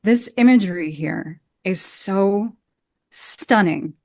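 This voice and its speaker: A woman's voice: mid-range voice, slow pace, a little mellow, no room sound. Enthusiastic woman coach, dry close sound. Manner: enthusiastic, demonstrates rhythm by chanting beats. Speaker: actor and Shakespeare coach. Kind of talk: podcast interview, explaining verse.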